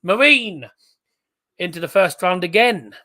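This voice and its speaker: A man's voice: fairly high pitch, animated, a little slow, sharp tone. A man hosting a live stream, calling out cup draw fixtures and chatting with viewers in the live chat. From England.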